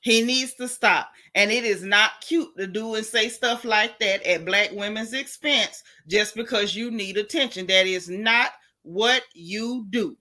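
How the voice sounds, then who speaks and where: Southern woman, gossip livestream host, sassy and emphatic, bright forceful voice. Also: mid-range voice, a little slow, few pauses. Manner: sassy, emphatic, repeats lines for effect. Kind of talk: casual livestream gossip commentary.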